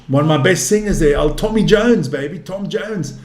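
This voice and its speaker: A man in his fifties gives casual live darts commentary, calling out scores between loose banter with viewers. His voice sits fairly high for a man. The sound is roomy, with a noticeable echo. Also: lively intonation, a little slow, a little mellow. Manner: chatty, calls scores and answers viewer chat. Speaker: darts commentator and stream host.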